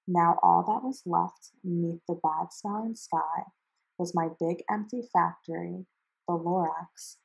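A woman reading a rhyming picture book aloud to children in a steady storytelling voice. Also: on the low side, vocal fry, slightly rough. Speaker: storybook reader.

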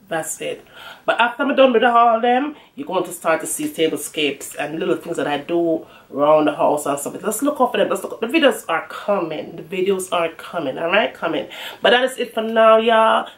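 Chatty woman vlogging her haul. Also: mid-range voice. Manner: chatty, calls viewers y'all. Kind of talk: casual chat to camera.

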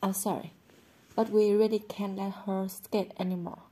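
A woman reading the lines of a worried but gentle mother in an audiobook, in a calm, soothing way. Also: medium pitch, normal speed, husky, lightly acted.

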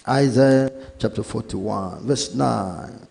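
A male pastor with a Nigerian English accent preaching a sermon, reading scripture slowly and emphatically and acting out Bible stories. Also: on the high side, animated, gravelly, mellow.

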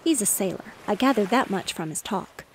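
Woman reading a kindly old seaman, gruff and homespun, with faint waves behind. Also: medium pitch, lively intonation, a little fast, a little hiss or hum, lightly acted, poor audio. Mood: homely. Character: kindly old retired male sailor.

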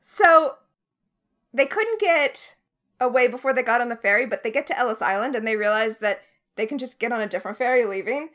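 Brief: high, bright-voiced woman co-host, animated and sarcastic, casual book-club recap. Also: fairly quick. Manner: animated retelling, sarcastic asides, swears. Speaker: podcast co-host.

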